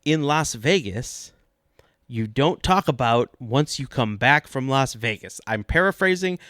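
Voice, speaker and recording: A man co-hosts a sports podcast with dry, deadpan comedy, laying out absurd ideas as if they were serious. The sound is dry and close, with no room around it. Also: mid-range voice, unhurried, dry recording. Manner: deadpan, mock-serious delivery. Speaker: podcast co-host.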